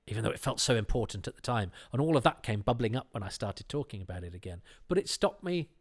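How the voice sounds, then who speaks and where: Here a man hosting a podcast speaks fast, his medium-pitched voice swinging widely in pitch. His casual chat is rambling and self-deprecating, full of false starts.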